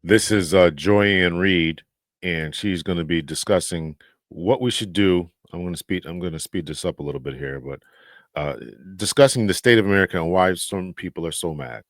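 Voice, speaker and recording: A man's voice: sits low, normal speed, no echo. A man hosting a commentary video, talking earnestly and urging viewers, with frequent restarts. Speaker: host. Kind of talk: casual commentary.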